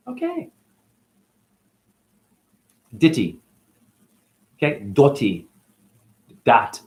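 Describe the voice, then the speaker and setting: A man gives a rambling spiritual monologue, jumping from one pun to the next. He speaks very slowly and musingly, in a mid-range voice. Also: medium pitch, wildly swooping pitch. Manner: free-associating wordplay, musing. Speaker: spiritual teacher.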